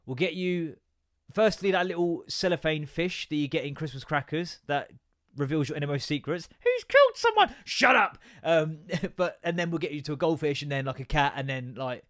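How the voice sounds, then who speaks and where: A man's voice: fairly high pitch, steady tone, brisk, no echo, clean studio sound. A tired man, rambling through a self-mocking solo podcast. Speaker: podcast host. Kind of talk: casual solo podcast chat.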